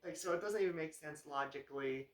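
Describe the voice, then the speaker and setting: A man's voice: on the high side, quick pace, fairly bright tone. Rambling sarcastic man in a roomy echo. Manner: rambling, frequent "like" fillers, dry sarcasm, chuckles. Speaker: movie reviewer. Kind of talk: casual spoken review.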